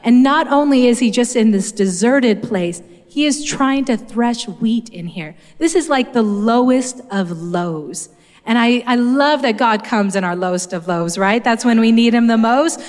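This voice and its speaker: A woman's voice: fairly high pitch, lively intonation, unhurried, darkish tone. A woman preacher giving a sermon in an earnest, conversational way, speaking straight to her listeners. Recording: long hall reverb.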